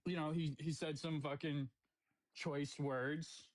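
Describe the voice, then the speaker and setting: A man with a notably high voice, angrily ranting and swearing as he hosts a heated livestream argument. He talks over others and cuts in with exasperated comebacks. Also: flat delivery, slow, low-quality recording. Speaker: livestream host.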